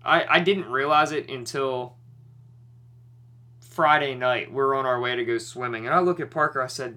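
A man's voice: medium pitch, moderate pace, bright, forceful tone. A young man co-hosting a podcast, retelling a story in casual chat with lots of swearing and worked-up energy.

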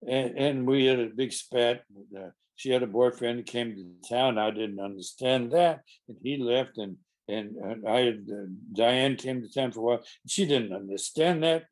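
A man's voice: medium pitch, moderate pace, few pauses. An older man, a stage actor, telling a rambling, amused backstage anecdote with frequent restarts. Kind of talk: casual anecdotal storytelling.

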